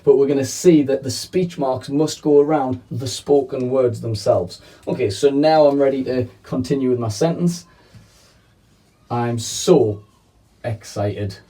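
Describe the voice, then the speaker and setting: A man's voice: mid-range voice, fairly even intonation, moderate pace, mellow, recorded from a distance. A man teaching a children's video lesson in a playful, chatty way, often checking in with "okay?". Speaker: primary school teacher.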